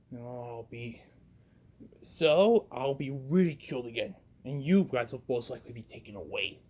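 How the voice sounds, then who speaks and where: A fan narrator voicing a weary teenage boy hero, speaking quietly and hesitantly. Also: mid-range voice, voice pushed down. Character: teen boy hero, hiding a secret, weary.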